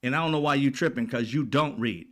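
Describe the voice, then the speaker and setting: A man's voice: mid-range voice, fast, a bit bright. A man hosting political commentary, ranting in a blunt, profane, exasperated way.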